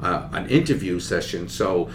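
A middle-aged man from Massachusetts, a comedian guest telling animated anecdotes with acted-out voices on a talk show. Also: deep voice, normal speed, a little hiss or hum.

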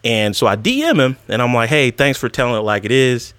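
Lively, animated podcast host. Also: male voice, mid-range voice, brisk, smooth, no echo. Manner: animated, laughing, storytelling. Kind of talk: casual podcast chat.

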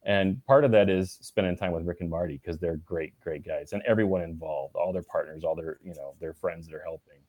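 A man answering interview questions in a relaxed, halting way, with many restarts and fillers. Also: sits low, no echo. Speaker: guest. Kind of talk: casual interview conversation.

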